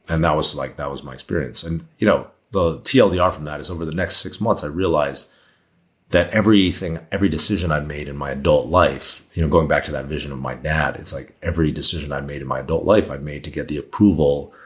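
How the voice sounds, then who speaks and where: A man's voice: extremely low pitch, fast. A man in his thirties, a podcast guest, telling a personal story in a candid, rambling way with many fillers and restarts. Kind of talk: storytelling in casual conversation.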